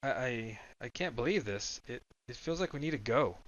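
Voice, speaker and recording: A man's voice: medium pitch, lively intonation, normal speed, dull audio, lightly acted. A man doing a nervous, doubtful young man. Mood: panicked.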